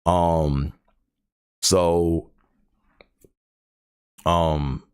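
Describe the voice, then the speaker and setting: Speaking extremely slowly, a man hosts his own podcast in a casual solo chat about stuttering. His low voice is clear, resonant and darkish with fairly even intonation, and he rambles with many fillers, repeated words and his own stutter.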